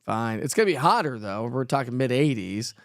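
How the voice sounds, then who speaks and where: A playful man talks through a relaxed live weather show, chatting freely and teasing himself. His voice sits in an ordinary middle range. The sound is close and dry, with no room around it. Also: mid-range voice, a little fast, vocal fry, dry recording. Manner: chatty, playful, self-joking, laughs often. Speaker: weather forecaster host. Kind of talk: casual live weather chat.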